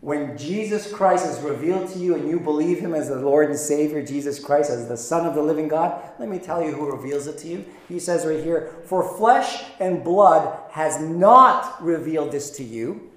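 High-voiced man preaching in an echoey room. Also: moderate pace, a bit bright. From Philippines. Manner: conversational preaching with playful asides. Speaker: pastor. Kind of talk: sermon.

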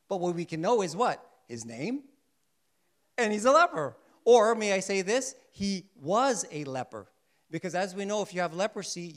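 During a sermon, a high-pitched male preacher poses rhetorical questions to the congregation and answers them himself. He slows down and softens on key points, then breaks into louder bursts.

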